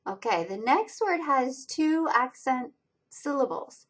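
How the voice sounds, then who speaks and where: A woman teaching college reading skills over slides, explaining pronunciation and stressing each syllable with slow, deliberate enunciation. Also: medium pitch, sing-song, breathy edge, low-quality recording. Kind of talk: recorded lecture over slides.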